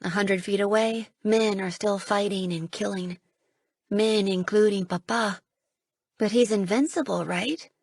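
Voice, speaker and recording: Husky gravelly woman narrating. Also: medium pitch, unhurried, darkish tone, dry recording. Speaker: audiobook narrator. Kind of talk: first-person audiobook narration.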